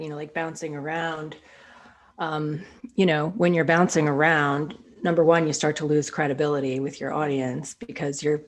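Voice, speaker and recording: A woman's voice: low-pitched, darkish tone. A woman host talking in a heartfelt, enthusiastic way during an interview over a video call. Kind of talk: casual interview talk.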